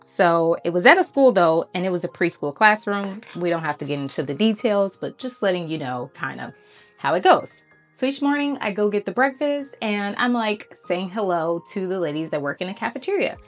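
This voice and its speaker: A woman vlogger talking to her viewers, telling a story in a casual, animated and encouraging way. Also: medium pitch, normal speed, faint music behind.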